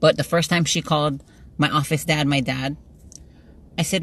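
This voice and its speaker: A woman with a Hawaiian Pidgin-tinged accent, telling a work story in a lively, chatty vlog and laughing often. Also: deep voice, moderate pace, pauses often. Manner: animated, laughs often, acts out dialogue. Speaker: vlogger. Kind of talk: chatty storytelling while getting ready.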